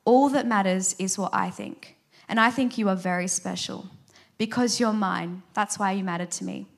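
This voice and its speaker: A woman telling it as a gentle fatherly woodmaker. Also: medium pitch, moderate pace, gravelly. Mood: reassuring. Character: kind old male woodmaker, gentle and fatherly.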